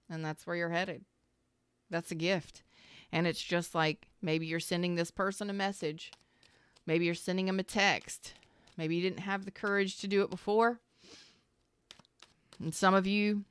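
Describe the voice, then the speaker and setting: A woman's voice: fairly low pitch, fairly bright tone, smooth, no room sound. A woman giving a casual, heartfelt tarot reading, talking straight to the listener in an earnest, emotional way, often repeating herself and swearing now and then. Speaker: tarot reader.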